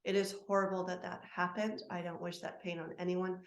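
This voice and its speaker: A woman's voice: on the low side, little pitch movement, fairly quick, highs cut off. A woman guest speaking as a soul constellation practitioner in an interview, heartfelt and emotional, talking in spirited bursts. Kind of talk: earnest interview talk. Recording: echoey room.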